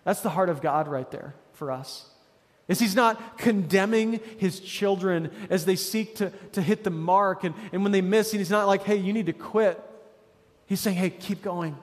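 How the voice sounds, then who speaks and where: A man's voice: high voice, normal speed, in a large hall. A man preaching a sermon as a pastor, casual and conversational, with frequent restarts and an encouraging tone.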